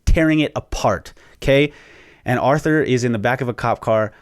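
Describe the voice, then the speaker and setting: A young man hosting a podcast, excitedly retelling a movie's plot in a rambling, profane way. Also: mid-range voice, moderate pace, no room sound, studio quality. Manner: excited storytelling with frequent swearing; rambling, with fillers and restarts. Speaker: podcast host. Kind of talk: casual movie spoiler recap.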